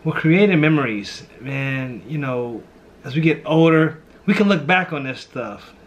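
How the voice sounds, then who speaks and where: A man's voice: on the high side, animated, unhurried, dull audio. Heartfelt man in a casual reflective chat. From St. Louis. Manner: heartfelt, says "man" and "you know" often. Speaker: pastor and vlog host.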